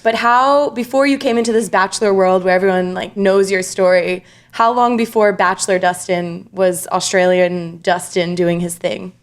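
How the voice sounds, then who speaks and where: A woman's voice: medium pitch, steady tone, normal speed, few pauses. A woman hosting a casual podcast, upbeat and teasing as she questions her co-host.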